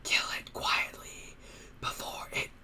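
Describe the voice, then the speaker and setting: A man voicing a dim-witted tentacled underground monster in a slow, hissing whisper. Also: lightly acted.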